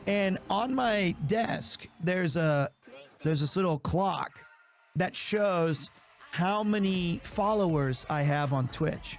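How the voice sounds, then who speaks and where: High-voiced male streamer, rambling chat. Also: a little slow, faint music behind. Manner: rambling, self-interrupting anecdotes. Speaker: streamer hosting a watch party. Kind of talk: casual chat, storytelling to chat. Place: home streaming studio.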